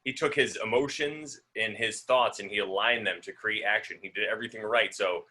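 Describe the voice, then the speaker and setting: A man's voice: on the low side, brisk, sharp tone. A man co-hosting a podcast, talking in an earnest, musing way. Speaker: podcast co-host. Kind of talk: casual chat.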